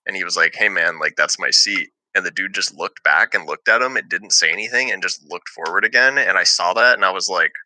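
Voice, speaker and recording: A man's voice: deep voice, fairly quick, few pauses, sharp tone, rough recording. A young man telling a heated story to friends in casual chat, swearing freely and laughing often.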